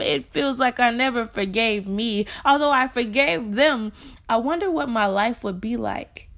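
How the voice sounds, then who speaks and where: Impassioned woman reciting spoken word. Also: a little high. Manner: impassioned, swings from hushed to crying out. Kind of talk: spoken word poem, prayer-like.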